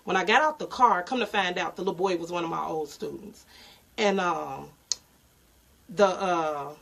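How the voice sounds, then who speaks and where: A young woman telling a personal story in a casual, halting way with many pauses. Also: lowish voice, vocal fry, fairly bright tone, rough recording. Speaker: podcast co-host.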